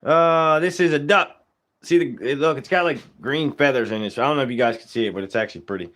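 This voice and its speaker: A young taxidermist chats casually on a live stream as he works, greeting viewers by name and cracking jokes. He is laid-back and uses casual, Southern-style grammar. His mid-range voice is fast and a bit bright.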